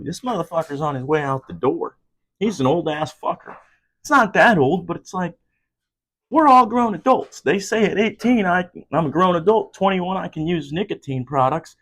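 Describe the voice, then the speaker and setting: A man's voice: animated, normal speed. A man in his twenties, hosting a solo podcast from home. He rants casually, swears constantly, and his voice jumps up sharply when he gets worked up. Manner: profane, heated ranting with sudden jumps up in pitch. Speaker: podcast host.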